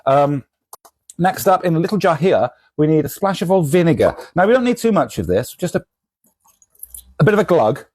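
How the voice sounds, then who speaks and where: Lively, jokey man. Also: on the high side, normal speed, pauses often, slightly rough, dry recording. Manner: rambling, self-deprecating and jokey. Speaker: comic shop seller. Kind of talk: casual vlog with a kitchen science demo.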